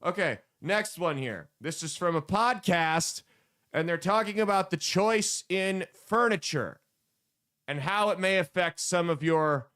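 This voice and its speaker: A man's voice: high voice, expressive, a little slow, a bit bright, clean tone. A man hosting a podcast, ranting bluntly and mockingly in casual commentary with plenty of swearing. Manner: blunt, profane, mocking rants. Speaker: podcast host.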